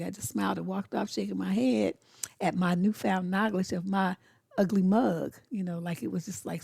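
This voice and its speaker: A woman's voice: lowish voice, vocal fry, a little mellow, slightly rough, no echo, studio quality. Blunt, sassy middle-aged woman coach. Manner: blunt, sassy, acts out quick dialogues. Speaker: relationship coach. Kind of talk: casual advice monologue.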